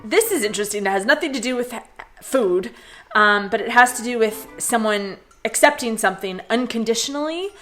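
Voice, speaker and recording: A woman's voice: mid-range voice, fairly bright tone. A young woman chatting casually as a vlogger, full of fillers and frequent laughs. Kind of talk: casual chat.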